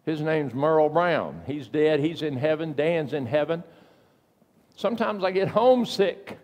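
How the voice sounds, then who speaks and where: Older man, pastor, folksy sermon storytelling, fairly high voice, long church-hall reverb. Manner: folksy storytelling with sudden loud emphatic bursts. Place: church sanctuary.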